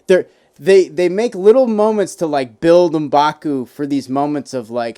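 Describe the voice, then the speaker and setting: A man co-hosting a podcast in loose, casual chat, swearing freely and slipping into quick voices to quote people. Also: a little high, warm tone. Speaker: podcast co-host.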